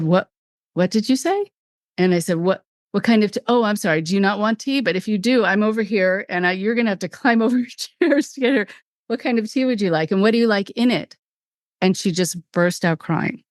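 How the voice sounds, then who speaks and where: A middle-aged woman hosting a podcast, telling a story from her therapy work with feeling, in quick bursts. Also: on the low side, no room sound, clean studio sound. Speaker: podcast host and cult-recovery therapist.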